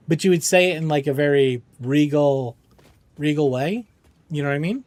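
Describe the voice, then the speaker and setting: A man's voice: a little high, normal speed, darkish tone. A man streaming games for charity, chatting with viewers in a joking, rambling, reassuring way. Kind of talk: casual chat with viewers.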